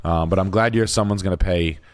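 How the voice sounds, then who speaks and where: A man's voice: low voice, brisk, clear, resonant tone. A middle-aged man hosting a casual livestream, joking crudely and laughing a lot. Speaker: realtor and stream host.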